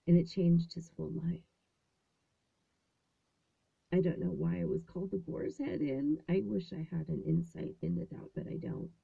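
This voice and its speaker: A woman's voice: on the low side, lively intonation, normal speed, creaky, long pauses, dark tone, husky. A woman in her fifties hosting a show, telling a story in a chatty, casual way from a small closet at home. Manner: chatty, acts out quoted voices. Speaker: host. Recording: phone-like narrow sound.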